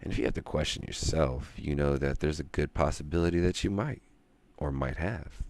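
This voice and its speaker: A man with an extremely low, gravelly voice rambles through a stream monologue. He rants and muses, trailing off into long pauses between thoughts. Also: darkish tone. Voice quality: very deep gravelly voice. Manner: ranting, musing, drawn-out pauses.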